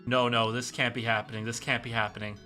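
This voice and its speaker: Man playing a stern tired mom, lowered scolding voice, bright tone, faint music. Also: flat delivery, quick pace, natural voice. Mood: distraught. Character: stern, weary adult mother.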